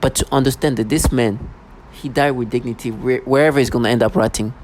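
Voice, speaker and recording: Recorded roughly on a city street, a male vlogger rants fast in a steady, darkish, mid-range voice. The agitated personal rant is emotional and repetitive, and he mocks other people in put-on voices as vehicles and street noise murmur faintly nearby.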